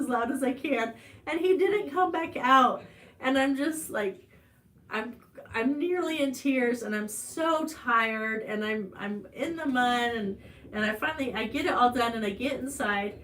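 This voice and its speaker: A woman with an Ozark American accent hosting a farm channel's live stream, telling a personal story in a chatty way with fillers and restarts, her voice climbing high on the emotional parts. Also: normal speed.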